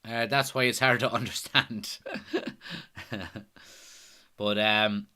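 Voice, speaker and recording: A man's voice: fairly low pitch, fairly even intonation, slow pace, pushed and bright, clean tone. An Irish man hosting a live football watchalong stream, chatting casually, reading out viewer comments and answering them. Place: at home.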